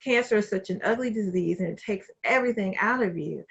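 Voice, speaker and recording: A woman's voice: mid-range voice, a little fast, gravelly, muffled recording. A woman co-hosting a podcast, chatting casually about a movie and laughing easily over a video call. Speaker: podcast co-host. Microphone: home computer mic on a video call.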